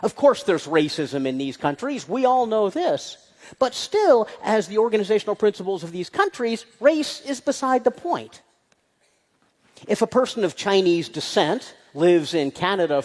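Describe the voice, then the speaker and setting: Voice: mid-range voice, sing-song, normal speed, a little mellow, long reverb tail. A speaker giving a lecture-style public talk to an audience, posing rhetorical questions and stressing key points. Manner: poses rhetorical questions, emphatic. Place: large hall with an audience.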